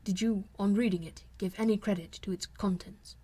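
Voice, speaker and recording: A woman voicing a proud, reserved young gentleman in an audiobook, speaking in a slow, grave and earnest manner. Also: mid-range voice, fairly even intonation, husky, close to an everyday voice. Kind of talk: audiobook character reading.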